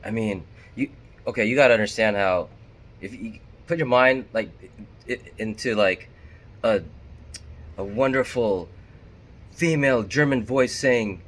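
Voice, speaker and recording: A man's voice: lowish voice, a little slow, pauses often, a bit bright. Chatty man talking to camera. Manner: candid, chatty, self-deprecating. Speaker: vlogger. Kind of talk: casual talk to camera.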